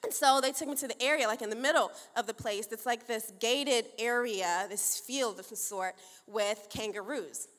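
A thirtysomething woman pastor kicks off her sermon with announcements and stories, chatty and playful, laughing often as she acts out the dialogue. Her voice is on the high side and fairly bright, at normal speed with hardly any pauses. The recording has the long reverb of a large church auditorium.

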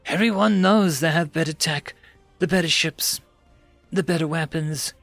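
A man's voice: a little high, moderate pace, fairly bright tone, no room sound, faint music behind, pitched above the performer's own voice. A man voicing a stern, veteran woman starship captain who barks orders at her crew. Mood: despairing.

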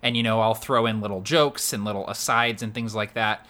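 A man's voice: lowish voice, fairly even intonation, fairly quick, sharp tone. A man co-hosting a podcast, explaining voice-acting tips in a chatty, filler-heavy way. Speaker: podcast co-host. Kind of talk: casual chat.

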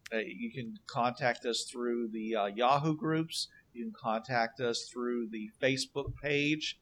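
A man's voice: medium pitch, a bit bright, a little hiss or hum. A man co-hosting a gaming podcast, talking casually with many fillers and restarts. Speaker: podcast co-host.

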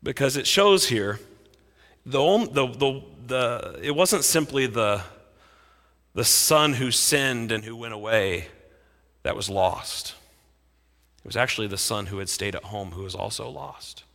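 Bright, animated male preacher in a hall. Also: medium pitch, unhurried. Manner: expressive, dramatic storytelling with big swings in loudness. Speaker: pastor. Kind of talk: sermon. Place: church sanctuary. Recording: echoey hall reverb.

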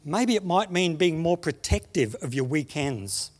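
A man preaching a sermon, telling stories and slowing down on key phrases. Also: on the high side, lively intonation. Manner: storytelling, slows down for emphasis. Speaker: pastor.

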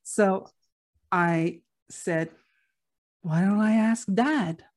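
A woman's voice: medium pitch, very slow, darkish tone. A middle-aged woman telling a personal story in a casual, chatty way, laughing now and then between lots of fillers.

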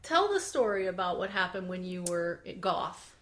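A woman's voice: fairly low pitch, sing-song, moderate pace, a bit bright. A woman, the host's mother, chatting casually on a podcast, teasing and supportive as she chimes in. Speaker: mother of the host, podcast guest. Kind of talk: casual chat.

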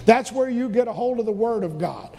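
High, gravelly-voiced male preacher. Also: lively intonation, a little fast, mellow. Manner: fervent preaching, repeating phrases and rising into song. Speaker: pastor. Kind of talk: sermon. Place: church sanctuary. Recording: long church reverb with faint music.

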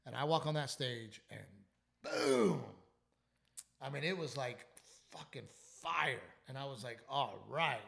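He has a medium-pitched voice with vocal fry and talks at a normal speed. The man, a comedian and podcast host from South Texas, tells a story casually while ill and low on sleep, cursing, lively, and frequently starting over.

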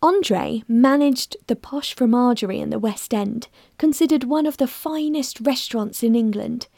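A woman narrating a mystery story in a steady, measured reading voice. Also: a little high, vocal fry, no room sound, clean studio sound. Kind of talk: scripted narration.

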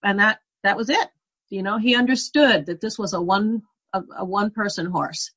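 A woman's voice: mid-range voice, moderate pace, a bit bright, husky. A woman talking through a personal story as an interview guest, in a mid-range voice. Her delivery is earnest and reflective. She sometimes laughs at herself. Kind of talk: conversational storytelling.

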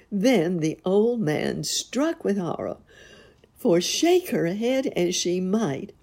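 A woman reading a folk tale aloud in a gentle, measured way. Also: mid-range voice, breathy edge. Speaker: storyteller. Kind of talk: storybook reading.

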